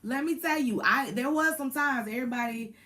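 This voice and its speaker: A woman, chatting casually to camera about her Marine days, animated and full of slang and laughter. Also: sits high, brisk. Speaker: Marine veteran vlogger.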